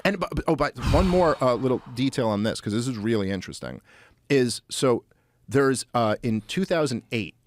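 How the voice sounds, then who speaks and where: A man talking as a podcast guest in casual political chat, animated and full of fillers and restarts. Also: mid-range voice, normal speed, dry recording.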